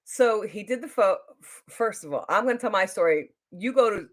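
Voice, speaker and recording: A New Jersey woman who does beauty vlogs is recounting a story during a casual home livestream, speaking at a regular pace. Her telling rambles and drifts, and quoting others sends her into high-pitched, excited impressions.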